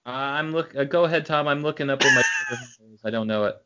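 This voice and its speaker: A man's voice: a little high, racing, very noisy. A man co-hosting a podcast in casual chat, joking and telling rambling stories, on muffled lo-fi audio. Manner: rambling storyteller, jokey. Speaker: podcast co-host.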